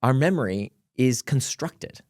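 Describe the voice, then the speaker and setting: A man, a guest author, explaining his ideas in casual conversation, animated and laughing between points. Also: medium pitch, measured pace, no room sound, studio quality.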